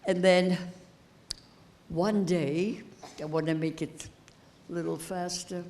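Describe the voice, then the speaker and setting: A woman in her eighties giving a personal testimony as keynote speaker, slow and halting, repeating phrases as she grows emotional. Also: on the low side, steady tone, darkish tone. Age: 80s. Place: high school event hall.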